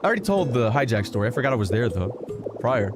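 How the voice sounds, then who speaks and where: A man streaming a video game, telling stories in an animated, profane, casual way. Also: mid-range voice, fast. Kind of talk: casual storytelling while gaming. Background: game music.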